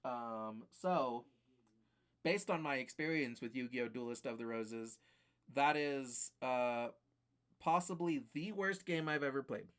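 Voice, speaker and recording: A man's voice: mid-range voice, slow, a bit bright, clear, resonant tone. A man streaming live, ranting casually and profanely about games that beat him, rambling with fillers.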